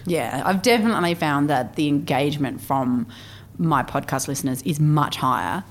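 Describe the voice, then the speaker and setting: A woman's voice: low voice, normal speed. A woman, chatting casually as a podcast guest about her work, telling stories with lots of fillers. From Australia. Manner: chatty, animated storytelling with filler words. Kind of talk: casual conversational interview.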